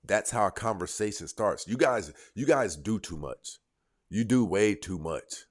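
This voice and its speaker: A man with a very deep, low voice lectures his viewers on dating. He is blunt and emphatic, and he scolds and presses his points hard. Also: expressive, measured pace. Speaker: dating coach. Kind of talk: direct-to-camera advice monologue.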